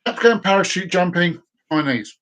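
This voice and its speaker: Rambling high-voiced man. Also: lively intonation, moderate pace, fairly bright tone. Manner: rambling, stumbling over words. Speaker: live stream host. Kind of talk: casual live-stream joke telling.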